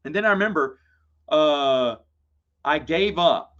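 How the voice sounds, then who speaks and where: A man's voice: fairly high pitch, expressive, a little slow, fairly bright tone. A man hosting a live Q&A stream, telling a long, rambling anecdote with self-deprecating humor. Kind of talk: casual storytelling on a livestream. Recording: slightly dull lo-fi stream audio.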